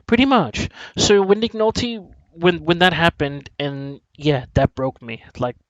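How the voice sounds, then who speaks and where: Man, casual chat, rambling and animated, dry recording. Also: on the high side, measured pace, dry recording, muffled recording. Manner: rambling, animated, many restarts and swearing. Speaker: podcast co-host.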